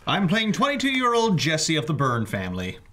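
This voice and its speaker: Very animated man, faint hiss behind. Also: a little high, normal speed. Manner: giggly, animated. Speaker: player.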